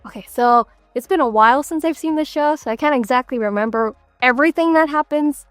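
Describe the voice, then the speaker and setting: A young adult woman speaks as an interview guest, her voice sitting fairly high. She tells stories with animation and lots of laughter, recorded dry with faint music in the background. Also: fairly quick, dry recording. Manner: animated storytelling with frequent laughs. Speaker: voice actress guest. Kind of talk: casual interview chat.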